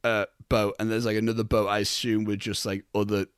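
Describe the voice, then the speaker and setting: A man's voice: fairly low pitch, flat delivery, a little fast, smooth, no echo, studio quality. A young man co-hosting a casual film podcast, swearing freely and laughing as he talks. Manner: swearing, laughing, acting out characters' lines. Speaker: podcast co-host.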